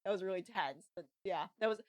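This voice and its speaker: A woman's voice: mid-range voice, brisk, dry recording. A woman co-hosting an anime podcast, talking in a loose, rambling way full of "like" and restarts. Her voice sits in a middle range and is recorded dry and close, with little room sound. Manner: rambling, filler-heavy, animated. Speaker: podcast co-host. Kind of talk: casual chat about anime.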